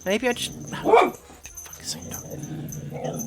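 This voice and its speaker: A woman's voice: sits low, big pitch swings, unhurried, over music. A woman from Britain chatting casually on a craft live stream, talking to her viewers and fussing over her dogs.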